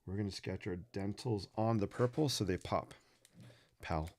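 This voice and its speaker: A man's voice: on the low side, normal speed, darkish tone. A man hosting a live drawing stream, chatting casually and playfully with viewers and making puns as he sketches.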